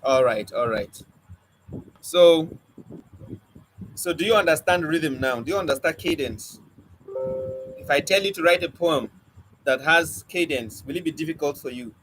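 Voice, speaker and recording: An animated man teaches spoken word poetry in quick bursts, speaking with a stammer. His voice sits a little high for a man. Faint background noise hangs behind him. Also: rough recording. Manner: animated teacher, asks the class questions and drills points by repeating them. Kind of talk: live online class lecture.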